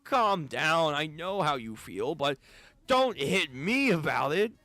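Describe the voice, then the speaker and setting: Cast a man reading as a relaxed young man who talks others down, dry close sound. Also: on the high side, slow pace, dry recording, full character voice. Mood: soothing. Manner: soothing, laid-back.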